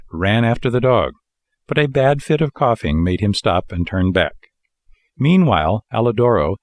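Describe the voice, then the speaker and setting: A man reading a children's audiobook with lively, expressive storytelling. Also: on the low side, no room sound, studio quality. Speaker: audiobook reader. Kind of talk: scripted narration.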